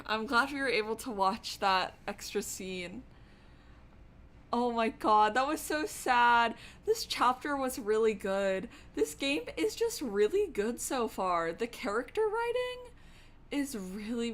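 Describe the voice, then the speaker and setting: A woman streamer reading a game's narration aloud and chatting expressively and excitably, swearing casually. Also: on the high side, slow pace.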